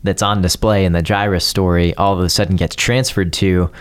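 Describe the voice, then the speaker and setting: A man with a very low voice walks through a Bible story in casual talk. He is earnest and builds his points in long strings of linked phrases. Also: fairly even intonation, a little fast, smooth.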